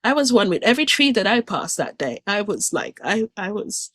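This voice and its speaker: A woman's voice: mid-range voice, very animated, normal speed, a bit bright, no room sound. A woman giving an earnest, emotional personal testimony about a near-death experience, recounting it vividly and restarting her sentences as feelings rise. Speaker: guest speaker sharing a near-death experience.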